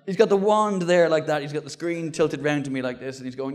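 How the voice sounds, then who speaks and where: A man's voice: on the high side, a little fast, hardly any pauses. A man in his forties doing a stand-up routine, telling a wry, self-mocking story with sweary punchlines. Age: 40s. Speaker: stand-up comedian.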